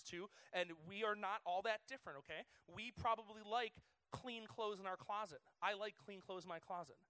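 A man in his thirties giving a chatty, excitable sermon to students as their youth pastor, full of fillers. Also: high-pitched, smooth, no room sound. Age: 30s.

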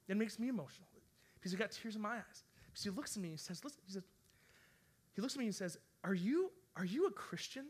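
A man preaching as a pastor, telling a story in an animated, chatty way with lots of fillers. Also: high voice. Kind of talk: storytelling sermon.

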